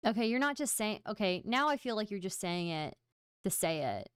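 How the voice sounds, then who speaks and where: A woman's voice: medium pitch, expressive, a little fast, fairly bright tone, smooth, no room sound, studio quality. Playful woman streamer teasing her chat. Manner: playful, self-mocking, talks straight to chat. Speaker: livestream host. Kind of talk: casual stream chat to viewers.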